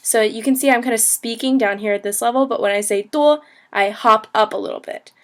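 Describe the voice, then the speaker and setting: Chatty young woman teaching, high voice. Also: a little fast. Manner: chatty, lots of "like" and "you know", laughs easily. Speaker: language teacher, travel vlogger. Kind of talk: casual video lesson.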